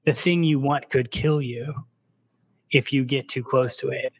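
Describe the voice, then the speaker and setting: A man's voice: mid-range voice, measured pace, no echo. Man retelling a novel casually. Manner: animated retelling, slips into character quotes. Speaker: book podcast co-host. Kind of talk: casual book discussion with read-aloud passages.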